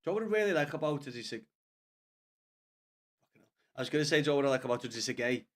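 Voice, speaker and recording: A man's voice: mid-range voice, lively intonation, rapid-fire. A man with a Scouse accent giving sweary, frustrated live commentary to viewers as he watches a football match from a small home studio. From Liverpool, England.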